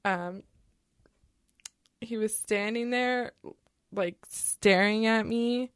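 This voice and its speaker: A woman co-hosting a casual podcast, telling stories in an animated, giggly way. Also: fairly high pitch, very slow, clear, resonant tone, no room sound, studio quality. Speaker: podcast co-host. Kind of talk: casual chat.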